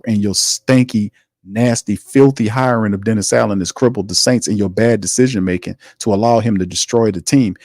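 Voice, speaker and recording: A man's voice: fairly low pitch, darkish tone, dry recording, studio quality. A man hosting a sports talk show, ranting in exasperation and repeating himself as he vents frustration. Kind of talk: sports commentary rant.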